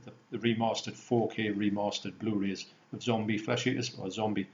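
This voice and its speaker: A man's voice: lowish voice, flat delivery, normal speed, slight background noise. British guy chiming in on a chat, agreeable, echoey dull home recording. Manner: agreeable, chimes in with short replies. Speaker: guest, film collector. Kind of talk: casual chat. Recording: roomy dull lo-fi sound.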